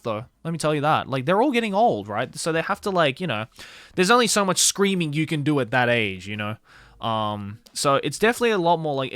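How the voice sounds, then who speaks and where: A man's voice: on the high side, fairly bright tone, no echo, clean studio sound. A young man streaming casually, rambling about music with lots of fillers and casual swearing. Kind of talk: casual livestream chat.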